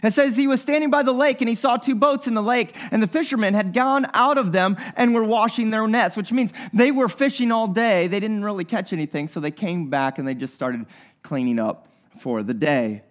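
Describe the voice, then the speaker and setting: A man's voice: high voice, brisk. A man preaching a sermon as pastor, earnest and talking straight to the congregation, often repeating his phrases.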